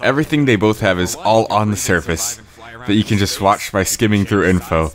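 A man giving rambling casual commentary on his own video, clearing his throat with a cold. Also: on the low side, brisk. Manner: rambling, frequent fillers and restarts. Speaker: creator giving episode commentary.

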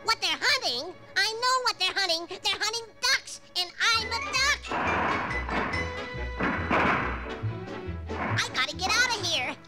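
A cheeky little woodpecker with a high, squeaky cartoon voice that leaps wildly up and down. He sounds excitable and boastful. Loud music plays under the vintage storybook record. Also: moderate pace. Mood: panicked.

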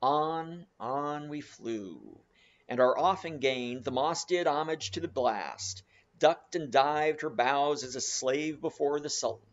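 A man's voice: fairly high pitch, slow pace, highs cut off. A man giving a dramatic audiobook narration, reading expressively and savouring his phrases.

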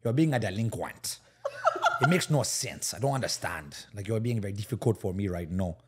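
A man's voice: lowish voice, wildly swooping pitch, normal speed, noisy background. A man putting on an exasperated Nigerian man with a Nigerian accent who lectures in formal, eloquent words.

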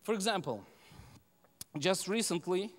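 A man's voice: sits high, lively intonation, a little slow, in a large hall. A male pastor with non-native English preaching a sermon, emphatic and repetitive, often asking the congregation "right?". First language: Russian. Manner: emphatic, repeats key phrases, asks the congregation "right?". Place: church sanctuary.

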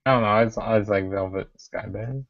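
Male podcast co-host, lowish voice, hesitant delivery, dry, muffled audio. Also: fairly even intonation, fast, creaky, dry recording. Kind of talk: casual podcast chat.

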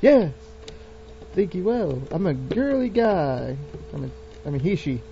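A woman's voice: lowish voice, very animated, unhurried, vocal fry, warm tone. A young woman giving casual, giggly commentary while playing a game and reading its text aloud. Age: young adult. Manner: giggly, chatty, reads on-screen text aloud. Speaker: let's play gamer. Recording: dull lo-fi recording with faint game music.

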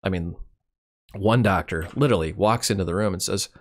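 A middle-aged man with a very low voice talks through his year in a loose, wry, rambling way, peppered with fillers. He sounds winded and worn out, pausing as if short of breath. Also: steady tone. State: winded, tired. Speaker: channel host. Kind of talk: casual personal year-in-review.

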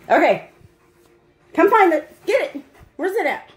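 A woman's voice: mid-range voice, lively intonation, normal speed, pauses often. A woman at home playfully giving her dog commands and encouragement during a game. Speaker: dog owner and channel host. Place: at home, at a table.

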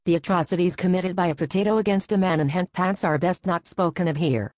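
A woman's voice: lowish voice, steady tone, fast, a little mellow, no room sound, close to an everyday voice. A woman voicing an earnest, indignant young vegan woman in a satirical story.

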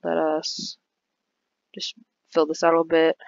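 A playful gaming host rambles through casual commentary and drifts into silly sing-song repeats. The voice sits at a middling pitch. The recording is dull and lo-fi, with a dry, close sound. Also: completely flat delivery, measured pace, vocal fry, no echo.

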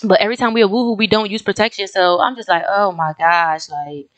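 A young woman hosting a life-sim let's play, talking casually and excitedly straight to her viewers, often breaking into exclamations. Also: mid-range voice, fast. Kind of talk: casual gameplay commentary.

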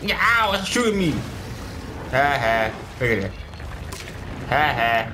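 Man, let's play commentary, very lively pitch, slow pace, exclaiming at the game. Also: noisy background. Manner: animated, exclaiming, talks to game characters. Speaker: gaming streamer.

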